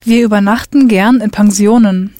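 A woman answering in a scripted language lesson, careful and measured. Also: medium pitch, fairly even intonation, mellow, dry recording, clean studio sound. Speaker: language learner.

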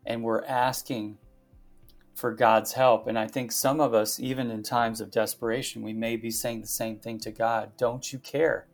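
Gravelly-voiced man reflecting on scripture. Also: mid-range voice, little pitch movement, soft background music. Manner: reflective, halting, with many fillers. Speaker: pastor and podcast host. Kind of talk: conversational devotional podcast talk.

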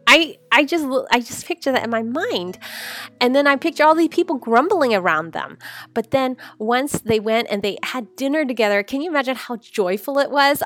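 A woman's voice: on the high side, fairly bright tone. A woman hosting a devotional podcast, retelling a scripture story with emotion, laughing and tearing up as she talks. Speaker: podcast host.

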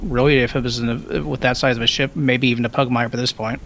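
Male player at a tabletop game, relaxed and chatty, mid-pitched, faint rain behind. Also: fast talker, creaky, slight background noise. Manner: relaxed, laughing asides. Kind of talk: casual tabletop play.

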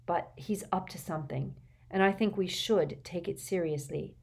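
A woman's voice: on the low side, moderate pace, creaky, slightly rough. A woman voicing a stubborn, earnest teenage boy who insists on his point. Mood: insistent. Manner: insistent, frustrated.

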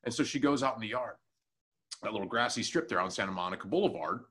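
Male co-host, crude animated storyteller, lively swinging pitch, bright tone. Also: quick pace. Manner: profane, animated anecdote telling with acted-out quotes. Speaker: podcast co-host and new tech guy. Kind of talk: casual chat, storytelling.

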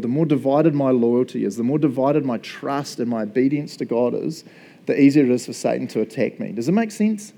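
A male pastor preaching a sermon in a casual, joking, animated way. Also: mid-range voice, brisk, gravelly.

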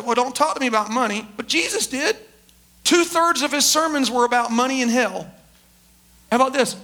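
High, bright-voiced male pastor preaching. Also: a little fast. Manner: emphatic, repeats words and restarts often. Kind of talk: conversational sermon.

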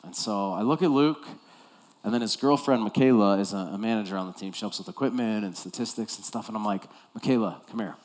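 A man preaching a sermon as pastor, telling a story with animated delivery and acting out the scenes. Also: fairly low pitch, quick pace.

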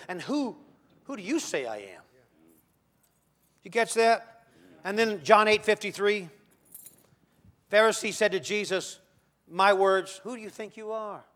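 A man preaching a sermon, swinging from quiet talk to loud shouting and acting out the voices of the figures he quotes. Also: high voice. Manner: dramatic, swinging from soft to shouting; acts out quoted voices of God and Moses.

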